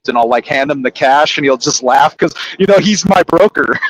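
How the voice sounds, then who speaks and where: A man's voice: a little high, animated, normal speed, a bit bright, rough recording. A young man chatting casually on a podcast, telling rambling, profane stories and laughing as he goes. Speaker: podcast co-host, trucker. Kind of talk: casual chat.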